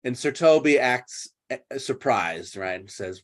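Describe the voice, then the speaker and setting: A man's voice: medium pitch, animated, slow pace. A man teaching English, retelling a play and explaining words in plain terms. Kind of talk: literature lesson retelling a play.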